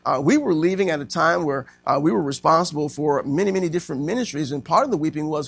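A middle-aged pastor preaches in a folksy, heartfelt way, peppering his talk with amens and swinging from loud emphasis to near-hushed tones. His voice sits a little high and has a gravelly edge. The sound is close and dry. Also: expressive, fast talker, few pauses, no echo. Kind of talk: sermon.

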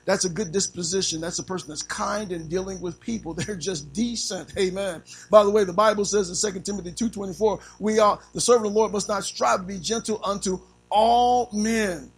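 A preacher, a man with a notably high-pitched voice, delivers a sermon. He is animated and theatrical, firing rhetorical questions at the congregation and slipping into little acted-out scenes. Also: a little fast, hardly any pauses, low-quality recording. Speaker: pastor.

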